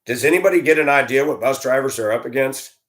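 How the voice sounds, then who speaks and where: A man in his fifties, a school bus driver, delivering a blunt, animated rant with swearing and grumbling. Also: medium pitch, fast talker. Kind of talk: ranting monologue.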